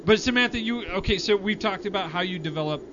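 A man's voice: sits high, fast talker. A man hosting a podcast in casual chat, joking and eager, laughing often. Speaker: podcast host. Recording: dull lo-fi podcast audio with faint noise.

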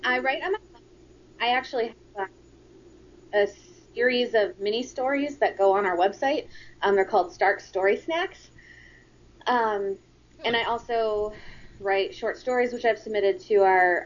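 A woman guest speaks very slowly on a casual podcast, halting with ums and small giggles. The audio is dull and lo-fi. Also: medium pitch. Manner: slow, halting, with frequent um and giggles. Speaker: podcast guest, sketch comedy writer. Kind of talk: casual chat.

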